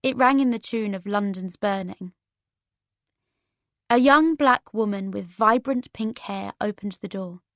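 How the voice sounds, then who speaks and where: A woman narrating a romance audiobook in the first person, in a measured storytelling manner. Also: medium pitch, a bit bright, dry recording.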